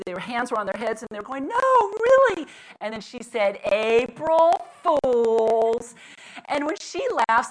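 A middle-aged woman speaking at a women's Bible study, teaching devotionally and telling family stories with lively, animated humor that settles into quiet reflection. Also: medium pitch, poor audio. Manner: lively storyteller who leans in on the funny parts, then slows to reflect.

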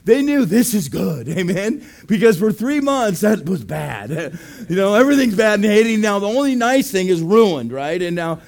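A man's voice: sits high, big pitch swings, moderate pace, creaky, darkish tone. A man preaching as a pastor, telling a story animatedly, acting out voices, laughing and calling out "amen". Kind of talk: sermon storytelling.

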